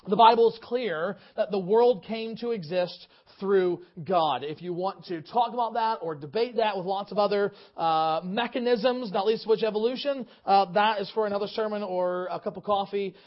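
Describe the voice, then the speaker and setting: A man preaching a sermon as pastor, earnest and stopping often on fillers and restarts. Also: high voice. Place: church service. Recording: dull lo-fi sermon recording.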